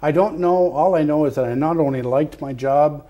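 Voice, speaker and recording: An older man from Canada, a retired fire captain, telling stories as a guest in an interview, acting out the dialogue with loud animated bursts. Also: a little high, moderate pace, highs cut off. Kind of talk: anecdotal interview storytelling. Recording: television studio interview.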